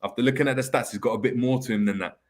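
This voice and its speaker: A man's voice: medium pitch, fairly even intonation. A young man with a London accent, hosting a casual live stream and reading out viewer comments in slangy chat. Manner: slangy, fast-talking, reads viewer comments aloud. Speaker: host.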